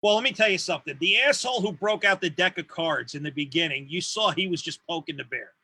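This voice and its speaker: A man's voice: fairly high pitch, fast talker, sharp tone, husky, no room sound. A man co-hosting a podcast in casual chat, crude and joking. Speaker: podcast co-host. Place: home studio.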